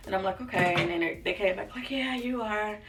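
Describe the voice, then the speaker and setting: A woman's voice: medium pitch, brisk, distant mic. A young woman vlogger telling a personal story in a casual, chatty way, acting out what people said and often saying "like" and "y'all". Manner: chatty, acts out quotes, says "like" and "y'all" often. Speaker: lifestyle vlogger. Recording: voice a bit off-mic with faint music behind.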